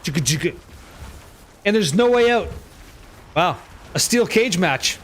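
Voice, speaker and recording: A man with a notably high speaking voice narrates his game for a live chat. He is excitable and playful, swearing casually as he reacts to the action. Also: a little slow, a little hiss or hum. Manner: excitable, joking, swears freely. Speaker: game streamer. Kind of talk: live gameplay commentary with chat.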